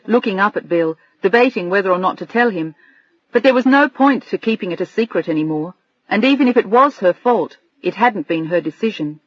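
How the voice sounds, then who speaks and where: Woman audiobook narrator, measured storytelling, mid pitch, dry dull recording. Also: animated, dry recording. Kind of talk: scripted narration.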